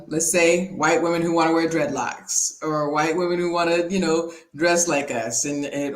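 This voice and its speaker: A woman raised in California hosting a casual panel discussion over a video call, speaking reflectively with many pauses. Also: sits low. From born in the US South, raised in California. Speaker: panel host. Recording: roomy echoey sound.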